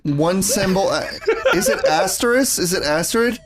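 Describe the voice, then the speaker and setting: High-voiced, crude joking man. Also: animated, moderate pace, faint music behind. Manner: crude, rambling joker full of filler words. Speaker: let's-play co-host. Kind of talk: casual gaming banter.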